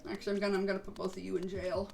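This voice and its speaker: A woman's voice: medium pitch, level tone, rapid-fire, creaky, a little mellow, soft background music. A woman streamer chatting casually while she plays a game, rambling a little and laughing often. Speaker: VTuber streamer. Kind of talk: casual chat while gaming.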